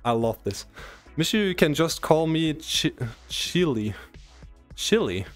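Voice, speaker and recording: A man's voice: a little high, lively intonation, unhurried, soft background music. A man with a German accent, a streamer chatting casually and teasingly with his viewers, stammering and restarting often, his voice a little worn. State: strained voice. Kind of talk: casual live-stream chat.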